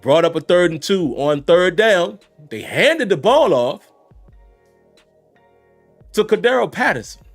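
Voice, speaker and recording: A man's voice: sits high, big pitch swings, unhurried, pauses often, soft background music. A man giving casual, conversational reactions to a football game, talking straight to his viewers. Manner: conversational, addresses viewers as y'all and guys. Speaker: sports commentator host.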